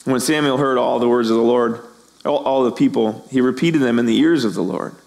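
A middle-aged male pastor preaching a sermon, animated, acting out the voices of people in the story. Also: mid-range voice, brisk, creaky.

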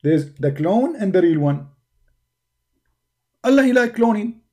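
Sarcastic mellow-voiced man taunting. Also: high-pitched, big pitch swings, measured pace. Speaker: online debater. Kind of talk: mocking stream monologue.

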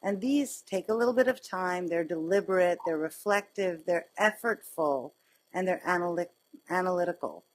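A woman surgeon giving a lecture, telling personal stories in a conversational, animated way. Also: fairly low pitch, normal speed, poor audio. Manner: conversational, animated storytelling with laughs. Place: lecture hall.

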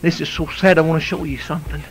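A male preacher voicing a solemn old tribal elder man inside a sermon story, telling it in a slow, earnest storyteller tone. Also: a little high, level tone, a little hiss or hum, natural voice. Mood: grave.

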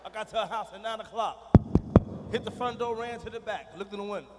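A middle-aged man doing a profane stand-up comedy routine on a big arena stage, dropping from low muttering to shouting. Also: a little fast, very noisy. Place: large arena stage with audience. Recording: live hall recording with reverb.

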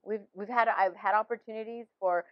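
A woman's voice: medium pitch, fairly even intonation, a little fast, no echo, highs cut off. A woman in her fifties, a pastor, sharing a personal faith story in conversation with many restarts and laughs.

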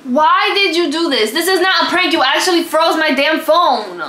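A woman's voice: high voice, expressive, normal speed, bright, forceful tone. A woman in a casual home vlog, talking in a frantic, exasperated way and complaining at her boyfriend. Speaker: vlog co-host, girlfriend being pranked. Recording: echoey room with faint noise.

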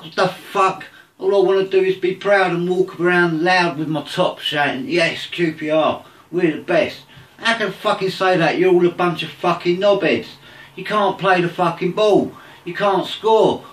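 A man's voice: sits high, reverberant, recorded from a distance. Angry swearing man ranting. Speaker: football fan. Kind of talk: angry rant to camera.

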